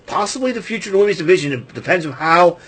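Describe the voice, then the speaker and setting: A man giving a rambling, casual wrestling recap, chuckling often and filling pauses with ums and restarts. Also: sits high, expressive, a bit bright, slightly rough.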